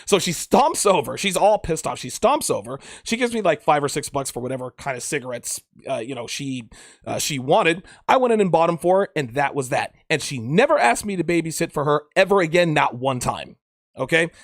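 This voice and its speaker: A man's voice: a little high, expressive, brisk, dry recording, clean studio sound. A man hosting a dating advice podcast, talking in a blunt, profane, emphatic way and often repeating himself. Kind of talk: crude casual monologue.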